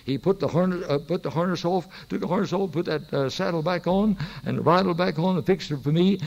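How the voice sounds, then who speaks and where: Gravelly older preacher. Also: male voice, high voice, brisk, a little mellow, muffled recording. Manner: folksy storytelling, rising to emphatic preaching. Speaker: pastor. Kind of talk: sermon. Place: church.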